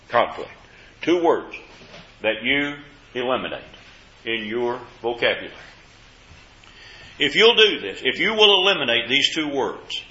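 A man preaching a sermon with folksy stories, repeating words and swinging between loud and hushed delivery. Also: medium pitch. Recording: echoey hall, dull lo-fi sound.

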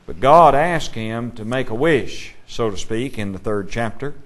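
A man's voice: medium pitch, expressive, a little slow, a bit bright. Man teaching a Bible class; asks questions, reads verses aloud.

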